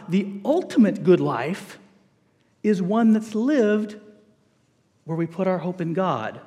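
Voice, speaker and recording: A middle-aged man delivers a sermon with a fairly high voice and a lively, joking manner. His words ring out with the long reverb of a large hall. He slips in playful asides to the congregation. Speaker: preacher.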